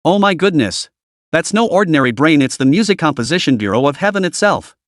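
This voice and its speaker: A man's voice: a little high, lively intonation, brisk, no echo, clean studio sound, close to an everyday voice. A man voicing a playful, teasing godmother in an audio story, with a giggly, theatrical way of talking.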